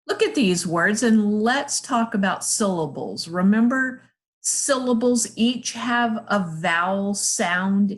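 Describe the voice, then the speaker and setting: Slow, patient phonics teacher woman. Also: mid-range voice. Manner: patient, encouraging, sounds out letters slowly. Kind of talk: slow, clear teaching to young children.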